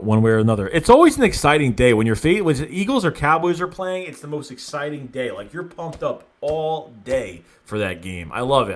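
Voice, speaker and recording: A young man from the Philadelphia area hosting a casual livestream, reading fan comments aloud and reacting with excitable, rambling talk, often restarting his sentences and groaning at himself. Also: fairly low pitch.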